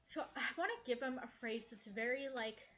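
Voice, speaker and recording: A young woman gives a relaxed tour of her cozy game island, cooing affectionately at the characters. Her voice is bright and a little high, and soft game music plays underneath. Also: normal speed. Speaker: gaming streamer. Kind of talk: casual game tour vlog. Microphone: headset.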